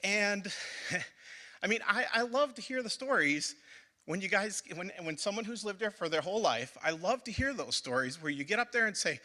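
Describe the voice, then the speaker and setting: A man's voice: high voice, big pitch swings, moderate pace, bright, forceful tone. A man on a school building committee giving an impassioned speech at a public forum, repeating phrases for emphasis. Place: public meeting hall.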